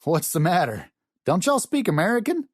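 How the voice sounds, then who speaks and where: A man's voice: sits high, big pitch swings, normal speed, no room sound, clean studio sound, voice pushed up. A man doing a brash Southern young man.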